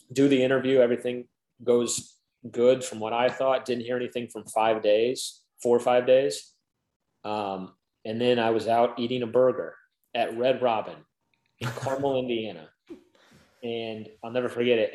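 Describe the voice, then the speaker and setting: In a rough recording from an echoey room, a thirtysomething interview guest spins a long, chatty story. His medium-pitched voice has a darkish tone, and he leans on "like" constantly while acting out the quotes.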